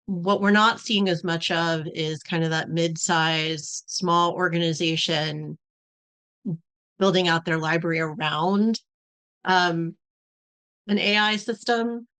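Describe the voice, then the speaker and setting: A woman speaking as a podcast guest, explaining points in a measured, steady way with some fillers. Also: low-pitched. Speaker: podcast guest, company executive. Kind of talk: casual podcast discussion.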